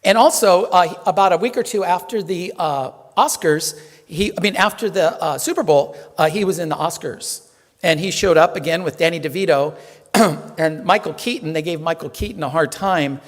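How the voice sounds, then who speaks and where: A man's voice: a little high, moderate pace. A male reverend giving a casual, joking sermon full of fillers in a temple hall. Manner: chatty, joking, many fillers.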